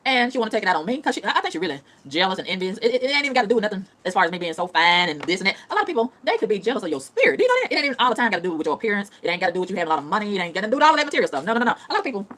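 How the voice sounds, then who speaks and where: Fast-talking, animated woman ranting. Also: medium pitch. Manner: profane, emphatic, repeats phrases for punch. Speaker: vlogger. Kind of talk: casual rant to camera.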